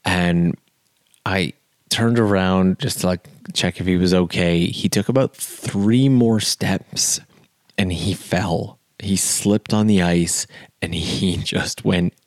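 A man from Canada, hosting a podcast and telling a story in a relaxed, chatty way full of "like" and "um". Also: deep voice, slow, no echo. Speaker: podcast host. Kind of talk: casual storytelling.

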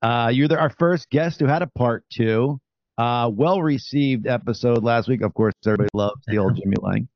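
Male co-host, casual and profane, quick with a joke; dull, dry lo-fi line. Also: medium pitch, no room sound. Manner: profane, fast and joking. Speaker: podcast co-host. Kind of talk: casual chat.

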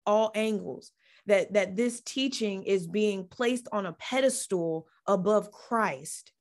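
A woman hosting a faith podcast, preaching with fervor, repeating phrases and restarting lines as her feeling builds. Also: mid-range voice. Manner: fervent, repeats phrases, stumbles over restarts. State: getting emotional. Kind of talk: impassioned Christian teaching.

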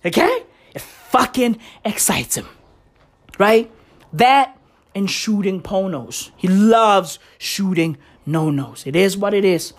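A woman's voice: mid-range voice, animated, slow pace. A woman hosting a solo podcast, ranting in a profane, exasperated way full of slang. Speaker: podcast host. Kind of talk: casual solo podcast rant.

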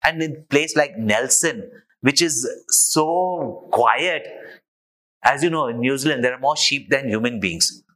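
A man's voice: mid-range voice, measured pace, a bit bright, low-quality recording. A man, a spiritual teacher, telling an anecdote in a sermon and drawing a moral from it. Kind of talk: sermon storytelling.

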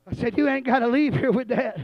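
A man preaching with a very high voice. He moves from low, quiet storytelling to shouted, stretched-out refrains that he repeats again and again. The sound is close and dry, with no room echo. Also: a little fast, lo-fi sound. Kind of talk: sermon.

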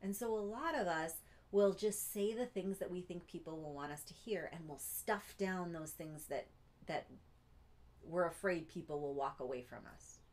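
A woman giving an earnest teaching talk, pausing often to check in with her listeners. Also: fairly low pitch, a little mellow. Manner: earnest, keeps checking in with "Okay?". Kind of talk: teaching monologue.

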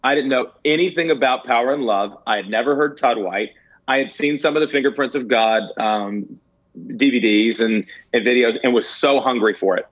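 Appearing as an interview guest, a man with a medium-pitched voice shares a ministry story as candid personal testimony at a moderate pace. He's earnest and pokes fun at himself, stumbling into a few stammered restarts, and the recording quality is lo-fi.

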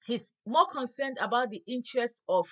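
A woman's voice: a little high, animated, moderate pace, pushed and bright. A woman leading a Bible study, reading scripture aloud and explaining it plainly, sometimes correcting herself as she goes.

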